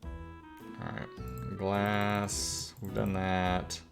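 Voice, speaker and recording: A man's voice: deep voice, monotone, very slow, gravelly, music in the background. A man casually commenting on a game he streams, joking and chatting with viewers. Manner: joking, chatty, laughs at himself.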